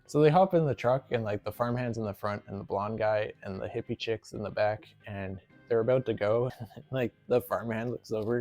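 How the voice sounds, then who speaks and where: A man's voice: mid-range voice, moderate pace, a little mellow, soft background music. A man casually recapping a movie plot, rambling with lots of "like" and frequent laughs. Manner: rambling, fills with "like", laughs often. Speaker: movie reviewer.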